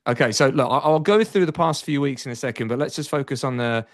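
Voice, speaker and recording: A man's voice: mid-range voice, fast talker, dry recording. Chatty male podcast host, dry sound. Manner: chatty, energetic host with frequent fillers. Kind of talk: casual podcast interview.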